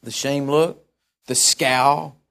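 A man's voice: medium pitch, fairly even intonation, takes it slowly, gravelly, fairly bright tone. A man preaching a sermon in a conversational way, musing aloud and often correcting himself.

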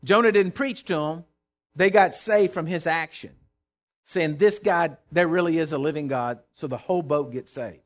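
A man preaching a conversational sermon, reading scripture aloud and commenting with animated asides and repeated words. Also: a little high, normal speed.

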